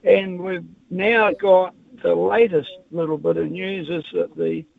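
A male caller gives his view in measured tones. His voice sits high and is heavily gravelly. It comes through a thin phone line. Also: fairly even intonation.

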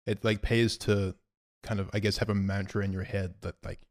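Low-voiced laid-back young man. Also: level tone, normal speed. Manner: laid-back, reflective, trails off quietly. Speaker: podcast co-host. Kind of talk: casual chat.

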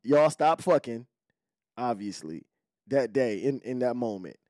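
A young adult man hosting a podcast in casual, profane, animated chat, speaking to his listeners. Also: mid-range voice, a little slow, no echo. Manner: profane, animated, talks straight to male listeners. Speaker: podcast host.

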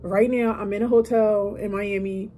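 Heartfelt woman, 30, with a mellow voice. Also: mid-range voice, steady tone, moderate pace, slight background noise, poor audio. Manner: heartfelt, emphatic, motivational. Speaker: podcast host. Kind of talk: casual solo podcast talk. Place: hotel room.

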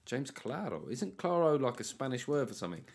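Sweary joking podcast host. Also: male voice, mid-range voice, very animated, a little fast, gravelly. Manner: joking, sweary, playful mock voices. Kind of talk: casual comedic chat.

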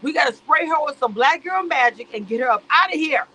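Sassy animated woman commentator, bright voice. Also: high-pitched, brisk, low-quality recording. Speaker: YouTube live commentator. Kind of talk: casual reality-show commentary.

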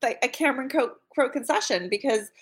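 Woman cohost, high voice all over the place, blunt and sweary. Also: animated, brisk, fairly bright tone. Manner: blunt, profane, sarcastic. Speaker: podcast co-host. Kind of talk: casual movie discussion.

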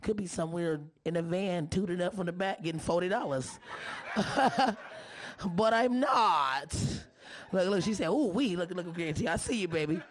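A hoarse-voiced woman working a stand-up crowd, brash and foul-mouthed, constantly ribbing the people in front of her. Her delivery is loud and loose. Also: fairly low pitch, animated, moderate pace. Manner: brash, profane, teasing the audience. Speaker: stand-up comedian. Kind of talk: live stand-up set.

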